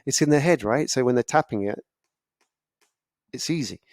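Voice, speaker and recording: A man giving a casual, animated talk about storytelling, often acting out other people's reactions. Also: medium pitch, moderate pace, dry recording, studio quality. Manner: animated, acts out listeners' reactions. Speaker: speaker on storytelling.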